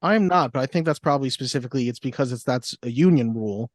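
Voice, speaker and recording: A man's voice: medium pitch, fast, dry recording. A man co-hosting a podcast, reading out facts and adding dry jokey asides. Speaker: podcast co-host. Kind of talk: casual chat, reading facts.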